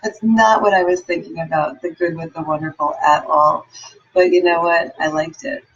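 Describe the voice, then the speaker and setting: A woman's voice: deep voice, steady tone, normal speed, husky, lo-fi sound, soft background music. Upbeat woman giving a motivational talk. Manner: upbeat, encouraging storyteller. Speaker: motivational speaker. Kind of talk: motivational talk with personal stories.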